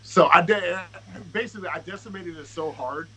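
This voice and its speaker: A man's voice: sits high, normal speed, slight background noise, rough recording. A man guest on a podcast, a rapper telling a casual, profane story and acting out what people said. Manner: profane, animated, acts out quotes.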